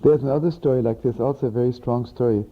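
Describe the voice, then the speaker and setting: A man's voice: mid-range voice, fast talker. A rabbi telling teaching stories in a chatty sermon style, peppering his lines with "you know" and laughing at his own tales. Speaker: rabbi and storyteller. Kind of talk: sermon storytelling. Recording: tinny phone-like archival recording.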